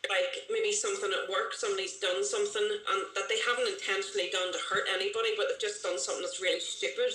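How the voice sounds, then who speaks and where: A woman's voice: mid-range voice, steady tone, fast talker, hardly any pauses, pushed and bright. A woman talking casually and emotionally on a podcast, rambling with restarts and often laughing. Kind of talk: casual chat. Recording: echoey room, faint background noise.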